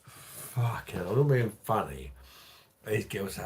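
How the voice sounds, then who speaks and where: Drunk male livestream host: deep, slow, crude and rambling. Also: animated, darkish tone, slightly rough. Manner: crude, rambling, reads out chat comments.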